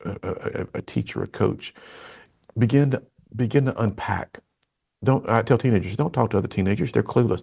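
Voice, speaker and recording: Gravelly low-voiced male speaker. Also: darkish tone. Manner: earnest, emphatic speaker. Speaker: motivational speaker. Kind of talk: storytelling interview talk.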